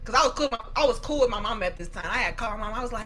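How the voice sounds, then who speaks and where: A woman's voice: on the high side, lively intonation, racing, sharp tone, poor audio. A young woman host giving casual, profane commentary on viewer comments and telling dramatic stories.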